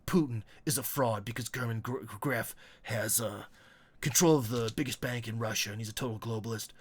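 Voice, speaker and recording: A man talking in a loose, rambling way to a live audience, pausing often on fillers and wandering off into asides. His voice sits at an ordinary middle pitch and his delivery stays informal. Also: breathy edge. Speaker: commentator hosting a live talk. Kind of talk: casual live commentary. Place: lives in Russia.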